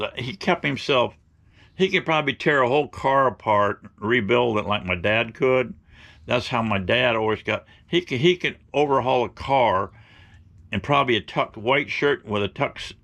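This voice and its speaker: A man's voice: mid-range voice, creaky, fairly bright tone. A middle-aged man telling rambling, folksy stories to his viewers, blunt and opinionated. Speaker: outdoor vlogger.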